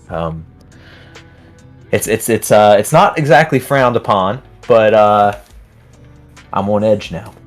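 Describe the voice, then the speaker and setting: Low-voiced chatty livestream host. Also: male voice. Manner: chatty, laughs often, reads names aloud. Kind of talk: casual chat reading viewer comments.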